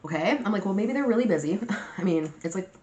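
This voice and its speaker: A young woman vlogger chatting casually to her viewers, telling a story in a lively, animated way and swearing freely. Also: medium pitch, quick pace. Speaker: mukbang vlogger. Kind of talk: casual storytime chat to camera. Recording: roomy echoey room.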